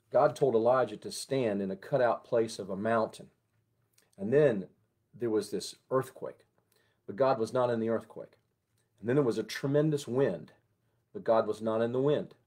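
A man who is a pastor, giving a conversational morning devotion and prayer in a gentle, unhurried way. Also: on the low side.

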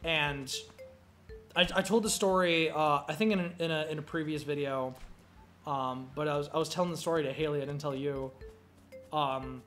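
A young man with a somewhat high voice tells rambling stories while he plays, swearing freely and leaning on fillers. Faint game music plays underneath. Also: steady tone, moderate pace, a bit bright. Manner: rambling, profane, full of fillers. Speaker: gameplay commentary host. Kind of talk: casual storytelling chat.

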